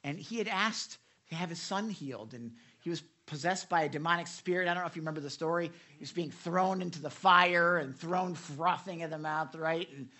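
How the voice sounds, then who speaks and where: A preacher giving an animated devotional sermon, retelling scripture with many repeated starts and asking listeners direct questions. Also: medium pitch, a little fast, hardly any pauses.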